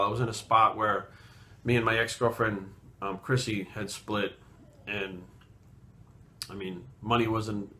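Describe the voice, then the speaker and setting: A fitness vlogger in his late thirties from Rhode Island tells a personal story, blunt and rambling, swearing plenty. His voice is medium-pitched with a sharp tone, and the talk is casual storytelling.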